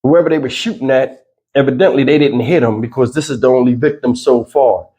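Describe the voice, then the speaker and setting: A man hosts his own commentary channel in a rambling, filler-heavy way. His voice is dark and mellow and still has its morning roughness, pitched about middle for a man. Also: brisk. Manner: loose, rambling delivery with frequent fillers. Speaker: channel host. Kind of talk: casual news commentary vlog.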